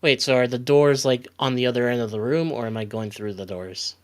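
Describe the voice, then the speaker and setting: A man playing a tabletop role-playing game, relaxed as he says what his character does. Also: medium pitch, fairly quick. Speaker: player. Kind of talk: casual tabletop play.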